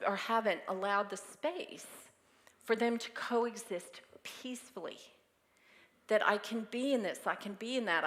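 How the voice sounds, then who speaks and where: A middle-aged woman giving a Sunday message as minister, personal and tender, speaking of grief with soft laughs between thoughts. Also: a little high. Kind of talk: sermon.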